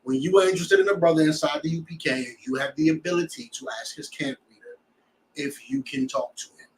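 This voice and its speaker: Man teaching scripture, blunt and preachy, slightly high voice, distant mic. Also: a little fast. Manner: blunt, preachy, rhetorical questions. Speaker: class teacher.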